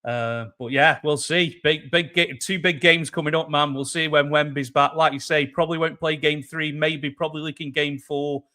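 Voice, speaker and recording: A man's voice: a little high, steady tone, moderate pace, hardly any pauses, pushed and bright. A man hosting a sports podcast, chatting casually and animatedly, often calling his guest "mate" and "man". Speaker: podcast host.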